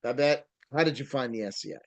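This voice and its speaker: A man's voice: mid-range voice, quick pace. A man hosting a podcast in casual chat, rambling with frequent fillers and restarts. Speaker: podcast host.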